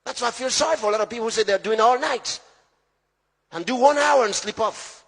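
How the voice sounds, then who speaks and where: A preaching man with a high, husky voice. He delivers the sermon emphatically, rising to shouts and then dropping to low, hushed lines. His voice rings with the long reverb of a big hall. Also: brisk. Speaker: pastor.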